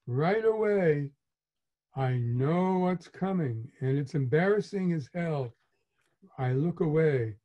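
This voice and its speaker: A man in his eighties, an author reading his memoir aloud in a measured, reflective way. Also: on the high side, lively intonation. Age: 80s. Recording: muffled lo-fi recording.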